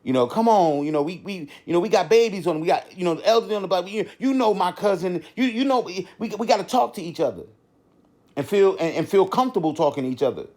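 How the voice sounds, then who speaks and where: A man's voice: high-pitched, expressive, quick pace, a little mellow. A middle-aged man hosting a podcast, talking off the cuff in a rambling way, with many restarts and constant "you know" fillers. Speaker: podcast host. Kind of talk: unscripted podcast monologue.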